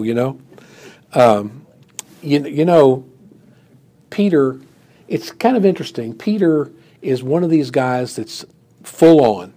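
A man's voice: medium pitch, animated, slow pace, pauses often, mellow. A man preaching a sermon and teaching a Bible passage in a conversational way, with many "you know"s, who acts out the quoted lines with rising emphasis. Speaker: pastor.

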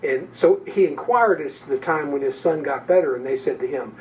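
A man's voice: mid-range voice, brisk, hardly any pauses, darkish tone. A man teaching a Bible study in an informal, conversational way, with frequent fillers and restarts. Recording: distant, dull room recording with faint background noise.

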